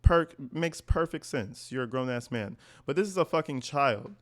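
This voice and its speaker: A man hosting a commentary channel, reacting to an interview in a blunt, profane, animated rant. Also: mid-range voice, normal speed.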